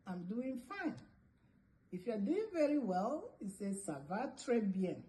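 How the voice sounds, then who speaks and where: A woman who is a French teacher giving a greetings lesson, repeating phrases slowly for learners and sometimes singing short lines. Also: fairly high pitch, big pitch swings, warm tone, rough recording.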